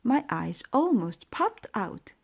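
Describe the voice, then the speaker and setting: Slow-reading woman storyteller. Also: on the high side, big pitch swings, vocal fry, husky. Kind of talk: bedtime story narration.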